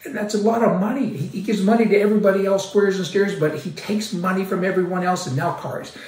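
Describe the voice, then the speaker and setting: A man's voice: high voice, fairly even intonation, fast talker, a little mellow, distant mic, slight background noise. A man delivering a sarcastic, mocking opinion monologue, often laughing as he talks. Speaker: commentary host. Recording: echoey room, voice from off-mic.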